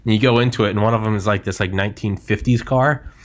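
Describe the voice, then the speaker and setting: A man's voice: fairly low pitch, steady tone, quick pace. A man in casual podcast chat, profane and joking, slipping into mock old-timey voices.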